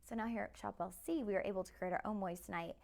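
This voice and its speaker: A woman presents jewelry on a live shopping broadcast. She talks to viewers in a chatty, upbeat manner, and her voice has some gravelly fry. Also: mid-range voice, very fast, a little mellow. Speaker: shopping channel host.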